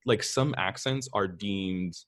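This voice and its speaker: A man hosting a podcast interview, talking in a relaxed, thoughtful way with many fillers. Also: low-pitched, slow pace. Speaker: podcast host. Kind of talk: casual interview talk.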